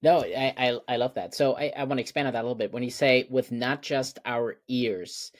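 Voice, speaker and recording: A man's voice: medium pitch, a little fast. Guy from germany hosting the chat, thoughtful questions, kinda stammers repeating words. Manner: reflective, repeats words as he thinks. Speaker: interview host. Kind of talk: interview conversation.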